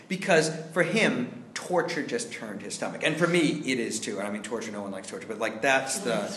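A man leads an acting class, his voice lively and expressive as he acts out bits of dialogue mid-story. He sits at a middle pitch in an echoey classroom with a faint hum of ambience behind him. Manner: animated storytelling, acts out quoted lines. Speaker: acting teacher and director. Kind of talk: classroom lecture.

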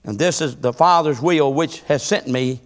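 A man preaching a sermon, swinging from hushed murmurs to fervent, rising cadences. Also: a little high, moderate pace. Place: church. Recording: music behind, long hall reverb.

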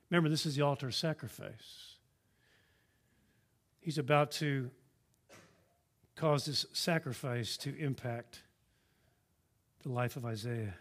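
A man preaching a sermon, earnest and emphatic, swinging from raised declarations down to hushed lines, often repeating and restarting words. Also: a little high, lively intonation, moderate pace, long pauses. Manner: earnest, emphatic, rising and dropping to a hush.

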